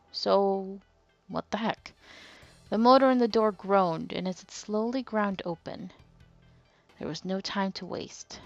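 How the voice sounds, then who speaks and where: This let's play host is a woman with a mid-range voice who reads the on-screen text steadily and breaks in with lively asides. The audio is flat and dry, without any echo.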